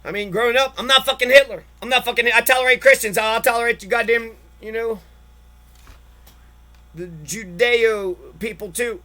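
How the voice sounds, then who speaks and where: Male podcast host, very high pitch, profane, exasperated political rant. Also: moderate pace, pushed and bright. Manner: heavy swearing, exasperated ranting.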